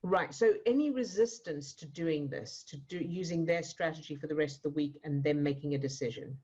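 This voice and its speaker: A woman coach guiding a client in a one-to-one session, gentle and reassuring, asking questions. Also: low-pitched, a little fast, slightly rough, highs cut off. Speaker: emotional fitness coach.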